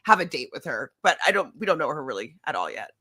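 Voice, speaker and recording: A woman talking as a guest on a casual recap chat, chatty and quick to laugh. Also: sits low, big pitch swings, pushed and bright, husky.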